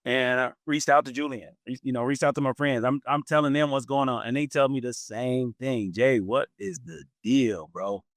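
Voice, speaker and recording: A man in his forties hosting a podcast, telling a personal story in a casual, animated way and laughing often. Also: brisk, few pauses, no echo, clean studio sound. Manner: animated, acts out quoted voices with big pitch jumps. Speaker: podcast host.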